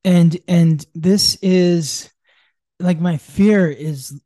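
A man co-hosting an astrology podcast, talking loosely with many fillers and restarts, and acting out quoted speech with sudden jumps in pitch. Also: extremely slow, dark tone, dry recording, clean studio sound. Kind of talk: casual conversational explanation.

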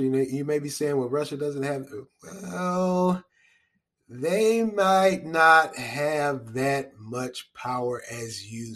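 A man's voice: mid-range voice, breathy edge. A man giving solo spoken commentary in a conversational, rambling way, with restarts and wry chuckles.

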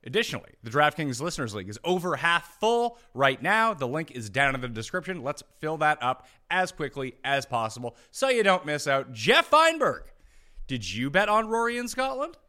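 A man's voice: a little high, big pitch swings, brisk, few pauses, bright, forceful tone. A man hosting a sports betting podcast in a hyped, promo-style way. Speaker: podcast host.

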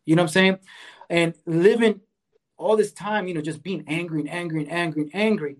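His voice sits on the high side, with a steady tone and a brisk pace. As a co-host of an informal talk about anger, he offers casual advice earnestly, peppering it with "right?" and "you know" and mentioning fitness, since he enjoys working out.

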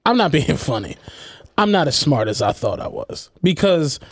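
A man co-hosting a podcast, telling animated stories in casual, profane chat and acting out what people said. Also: a little high, moderate pace, breathy edge, no room sound, studio quality. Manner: animated storytelling, profane, acts out quotes. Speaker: podcast co-host.

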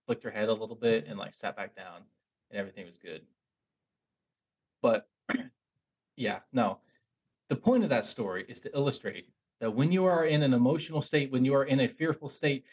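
A young man hosting a podcast, telling a story in a casual, animated, rambling way and poking fun at himself. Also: mid-range voice, slightly rough. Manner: animated, rambling, self-mocking, with frequent restarts. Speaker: podcast host.

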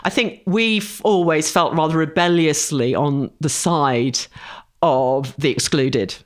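A middle-aged woman from England, a classicist guest telling stories with animated, laughing delivery. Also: sits low, slow pace. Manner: animated storytelling with laughs and mimicry. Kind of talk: lively interview conversation.

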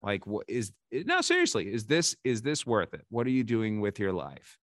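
A man in his forties with a low voice, speaking as a podcast guest in a dry room with little reverb. He tells candid, self-deprecating stories and often stops and restarts his sentences. The talk is loose and conversational. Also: expressive, normal speed. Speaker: podcast guest, baseball insider. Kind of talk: casual interview storytelling.

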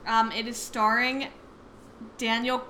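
A young adult woman co-hosting a podcast, relaxed, reading facts with dry asides. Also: on the high side, takes it slowly, background noise. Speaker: podcast co-host. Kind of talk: casual chat.

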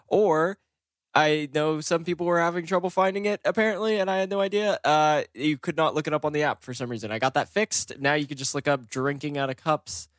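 A man's voice: a little high, fairly quick, no room sound, studio quality. A man hosting a casual podcast, loose and a bit profane, plugging the show's links. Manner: loose, profane, plugs the show. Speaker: podcast host. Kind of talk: casual chat.

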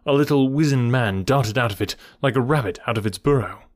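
Brief: male audiobook reader, mid-pitched, steady, very dry close sound. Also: fairly quick, no echo. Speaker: audiobook narrator. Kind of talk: scripted narration of a classic detective story.

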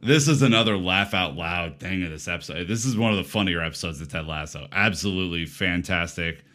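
Deep-voiced, gushing podcast co-host man. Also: a little fast, pushed and bright. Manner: enthusiastic, effusive praise. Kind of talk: casual podcast recap.

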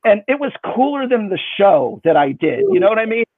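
A man, a magician, telling a story in an animated, jokey way. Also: high voice, fairly quick, no echo. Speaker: magician, guest. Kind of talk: casual storytelling. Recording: dry, tinny phone-like line.

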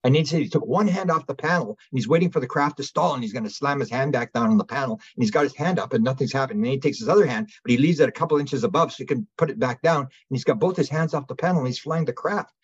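Husky-voiced man telling rambling stories. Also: medium pitch, very fast, few pauses, lo-fi sound. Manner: rambling, animated retelling with many restarts. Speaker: guest, UFO researcher. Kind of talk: casual storytelling interview.

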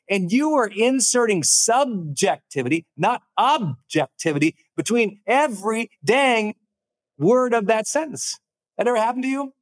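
Animated, high-voiced motivational speaker man. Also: a little slow. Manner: animated, emphatic, drops pace to stress key points; acts out quoted voices in a higher pitch. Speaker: host. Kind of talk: motivational talk.

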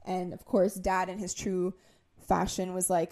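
A woman's voice: lowish voice, little pitch movement, a little slow, darkish tone. Podcast co-host, a woman in her twenties, casual and chatty; she tells long anecdotes and puts on quoted voices. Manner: chatty storytelling, heavy use of "like"; acts out quotes in raised voices. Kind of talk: casual chat.

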